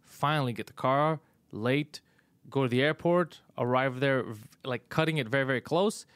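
A man hosts a casual comedy podcast, recounting his mishaps with plenty of swearing and laughter. His voice sits at a medium pitch and is recorded close and dry, with no room sound. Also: moderate pace, a bit bright, clean tone, no room sound. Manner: profane, exasperated storytelling with frequent laughs. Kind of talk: casual chat, storytelling.

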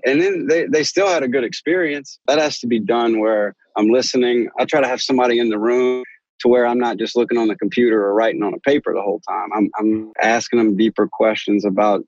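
A man's voice: mid-range voice, fast, darkish tone, dry recording. A man, an orthopedic surgeon answering interview questions in an earnest, rambling way with frequent restarts. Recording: dry, dull lo-fi sound.

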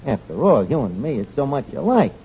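A man's voice: medium pitch, sing-song, fairly quick, slightly rough, exaggerated voice. A man playing a brash, pompous New tavern manager who mangles big words in a 1940s radio comedy. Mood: cheeky. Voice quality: malapropisms, wisecracking. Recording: dull, noisy 1940s radio broadcast.

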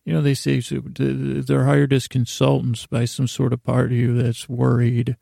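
Male podcast host, gravelly and dark, drifting bedtime ramble. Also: medium pitch, monotone, moderate pace, no room sound, clean studio sound. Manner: meandering, drowsy, full of restarts and fillers.

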